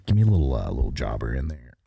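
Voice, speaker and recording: Dark, husky-voiced man trading crude jokes. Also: rumbling low, big pitch swings, quick pace. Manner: crude joking banter. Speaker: podcast co-host. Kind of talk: casual chat.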